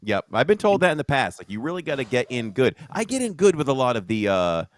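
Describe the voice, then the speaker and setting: A man's voice: medium pitch, fast talker. A man co-hosting a podcast in casual, joking chat. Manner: lively, joking, hesitant fillers. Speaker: podcast host.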